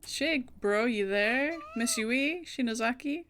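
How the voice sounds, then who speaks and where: A woman's voice: a little high, lively intonation, takes it slowly, fairly bright tone, a little hiss or hum. Woman voicing a frightened teenage schoolgirl, anxious, alone, game dialogue read aloud. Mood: scared. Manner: reads the game dialogue aloud with rising panic.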